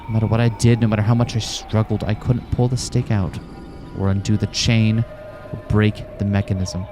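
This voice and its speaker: A man's voice: on the low side, flat delivery, normal speed, close to an everyday voice. A man reading a visual novel aloud, voicing a terrified young man trapped in a room, tense and close to panic. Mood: uneasy. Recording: music playing behind.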